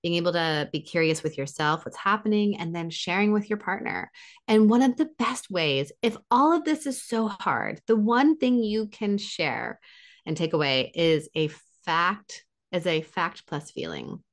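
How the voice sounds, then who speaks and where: Animated woman explaining relationship advice. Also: lowish voice, a little slow. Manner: animated, acts out quoted partners, laughs often. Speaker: relationship expert guest. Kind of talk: conversational advice on a podcast.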